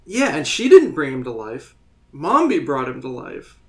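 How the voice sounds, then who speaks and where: A man co-hosting a podcast in casual chat, animated and laughing easily, often restarting his sentences. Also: mid-range voice, normal speed. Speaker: podcast co-host. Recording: roomy echo.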